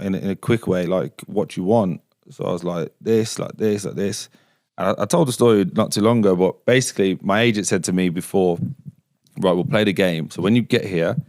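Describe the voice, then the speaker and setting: A man and former footballer telling a story in a casual podcast chat, swearing freely and dropping to a hush when he quotes others. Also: sits low, no room sound, studio quality. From England. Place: basement studio.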